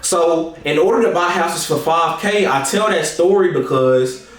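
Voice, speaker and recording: A man's voice: a little high, measured pace. A man giving a motivational talk to his viewers, telling a story and repeating himself to drive a point home, calling them y'all. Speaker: real estate investor and presenter. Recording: echoey room, distant from the mic.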